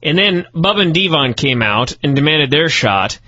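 A man's voice: fairly high pitch, animated, normal speed, pushed and bright, dry recording, dull audio. A man co-hosting a wrestling review podcast, sarcastic and profane, working himself up into incredulous rants. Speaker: podcast co-host. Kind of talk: casual wrestling review chat.

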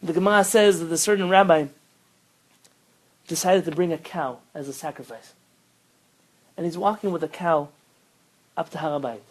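Animated rabbi teaching a lesson. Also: male voice, a little high, normal speed, long pauses, low-quality recording. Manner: animated storytelling, rising loud when quoting; mixes Hebrew terms into English. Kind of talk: informal Torah lesson.

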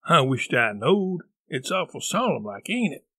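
A man voicing a superstitious, scared backwoods boy who whispers in a rural dialect, his voice high, strained and shaky. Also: big pitch swings, normal speed, pushed and bright, husky, no room sound, heavily acted. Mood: solemn hush.

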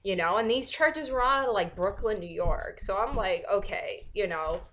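A woman vlogger talking in a casual, animated and sarcastic rant, full of fillers and restarts. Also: mid-range voice, moderate pace, slight background noise. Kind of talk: casual ranting monologue.

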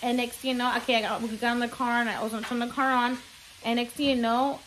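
A woman's voice: fairly high pitch, little pitch movement, fast talker, a bit bright, a little hiss or hum. A young woman telling a frightening story on her vlog, near tears, rambling with many fillers and slipping in Spanish words. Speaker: vlogger.

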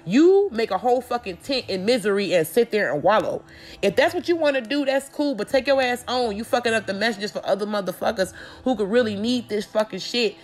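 A woman's voice: on the high side, expressive, fairly quick. A woman doing a casual tarot reading, talking bluntly and confrontationally with lots of swearing. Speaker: tarot reader.

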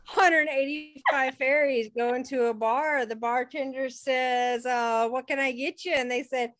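A woman's voice: sits high, steady tone, measured pace, hardly any pauses, a bit bright, no echo. A woman playing an improv joke game on a video call, telling a bar joke in a long, run-on way. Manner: rambling, run-on delivery. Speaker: improv player.

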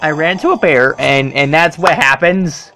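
A gamer commenting casually while playing, excitable and swearing, with loud startled outbursts. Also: medium pitch, normal speed, slight background noise. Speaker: let's play gamer.

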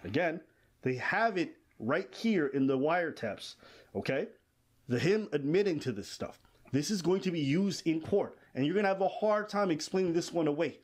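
A man's voice: a little high, lively intonation, moderate pace. A man co-hosting, explaining a news story step by step to his audience in casual commentary. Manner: explanatory, breaks things down for viewers.

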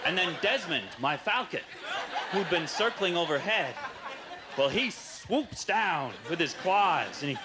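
Hesitant deadpan Canadian comedian on stage. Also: male voice, high voice, over a noisy crowd. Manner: halting, hesitant, many uhs and restarts. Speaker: stand-up comedian. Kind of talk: deadpan stand-up set. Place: comedy club stage with audience laughing. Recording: live stage recording with noisy room.

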